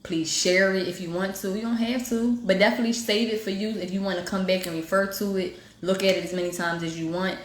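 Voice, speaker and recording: A woman's voice: medium pitch, fairly even intonation, quick pace, few pauses, echoey room. A woman with an African American Vernacular English accent, hosting a livestream and preaching about self-healing in a direct, emphatic way. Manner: direct, preachy and emphatic, talks straight to viewers. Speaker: livestream host giving spiritual motivation. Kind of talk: casual livestream talk. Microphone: phone livestream.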